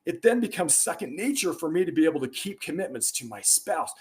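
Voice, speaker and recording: A middle-aged man, a guest on a podcast, talks in a fairly high, very animated voice with a darkish tone and a slightly quick pace. He tells stories conversationally, as in an interview, earnest and emphatic, with bursts of rising energy.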